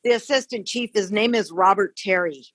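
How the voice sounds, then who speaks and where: A woman's voice: medium pitch, brisk. Frank woman in an interview. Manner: plain-spoken, frank. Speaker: victim's relative, interviewee. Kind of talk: casual interview talk.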